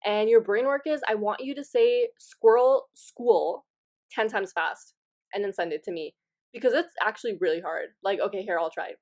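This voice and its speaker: A woman's voice: mid-range voice, brisk, darkish tone. A young woman hosting her own podcast, telling a funny story in a casual, rambling way and often breaking into giggles. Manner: giggly, rambling, self-mocking. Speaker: podcast host. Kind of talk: casual solo story time.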